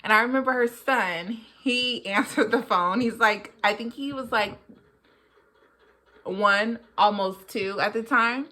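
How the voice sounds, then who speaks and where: A young woman vlogger telling a personal story casually, jumping high in pitch to act out what people said. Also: unhurried. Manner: animated, jumps high in pitch when acting out what people said.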